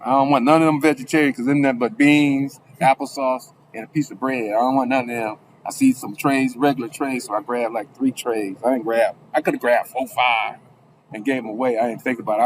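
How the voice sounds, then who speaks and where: A man's voice: medium pitch, steady tone, fast, a little hiss or hum. A man from Alabama, telling his own story in casual talk, rambling with many restarts. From Alabama, USA. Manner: rambling, with restarts, acting out quoted people in a raised voice.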